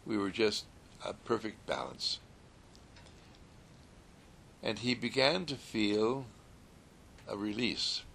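Low gravelly guy, slow soothing sermon talk, gentle and repetitive. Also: lively intonation, a little hiss or hum.

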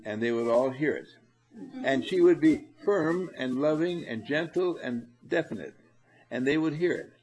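A man leading a spiritual seminar, coaxing and animated, who addresses his listeners directly and laughs often. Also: a little high, normal speed, low-quality recording. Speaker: seminar leader. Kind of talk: spiritual seminar talk to a group.

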